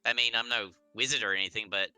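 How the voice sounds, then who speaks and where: Rambling bright-voiced player. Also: male voice, lowish voice, steady tone, fast talker, clear, resonant tone, no room sound, soft background music. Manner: rambling, stumbling over words, swears casually. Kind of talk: casual tabletop play.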